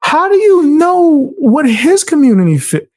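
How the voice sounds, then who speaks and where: A man giving casual reaction commentary on clips, animated and slangy, often breaking into laughs. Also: very high voice, measured pace, dry recording, studio quality.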